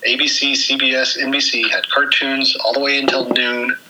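An easygoing man from the central United States talks over old memories. His voice is very bright and sharp, at a middle pitch. He often restarts his sentences as he thinks back. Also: level tone, normal speed, poor audio. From US Central region. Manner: easygoing, reminiscing with many restarts. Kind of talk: casual nostalgic chat.

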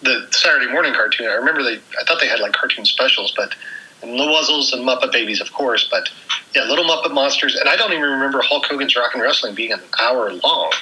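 An easygoing man from the central United States talks over old memories. His voice is very bright and sharp, at a middle pitch. He often restarts his sentences as he thinks back. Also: animated, quick pace, low-quality recording. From US Central region. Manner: easygoing, reminiscing with many restarts. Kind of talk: casual nostalgic chat.

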